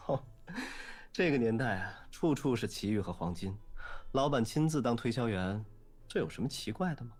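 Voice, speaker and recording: A smooth, teasing tycoon who owns the ship, voiced by a man in a game. His husky voice carries an audible smile, easy and unhurried. Faint game music sits behind him. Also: mid-range voice, animated, a little mellow, natural voice. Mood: smug. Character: suave wealthy male ship investor, teasing. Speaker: game voice actor. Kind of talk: game voice acting.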